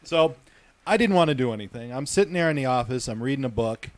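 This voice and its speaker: A man's voice: mid-range voice, lively intonation, quick pace, dry recording. A middle-aged man telling a gross work story on a radio talk show, chatty and laughing, swearing freely. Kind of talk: casual storytelling banter.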